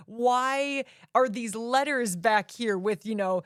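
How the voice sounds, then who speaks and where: A woman co-hosting a podcast, talking through a movie in casual chat and acting out scenes in quick bursts. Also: a little high, clean tone, no echo, clean studio sound. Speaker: podcast co-host.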